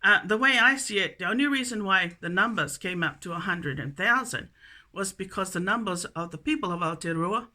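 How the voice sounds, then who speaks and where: A woman delivering a profane, angry rant, repeating a refrain and swinging from low muttering to shouting. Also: lively intonation, normal speed. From New Zealand.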